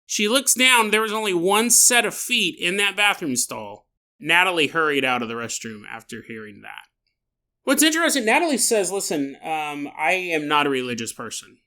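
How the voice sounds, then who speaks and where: A man hosting a solo podcast, telling a strange story in a jokey, animated way, laughing often, with a sore throat. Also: fairly high pitch, moderate pace. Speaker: podcast host.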